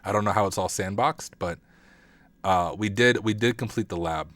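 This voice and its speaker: Male streamer, lowish voice, mutters and thinks aloud through a live lab, keyboard clatter behind. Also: normal speed, a bit bright, dry recording. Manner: thinks aloud, self-deprecating, mutters while typing. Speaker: cybersecurity streamer. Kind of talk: casual livestream walkthrough.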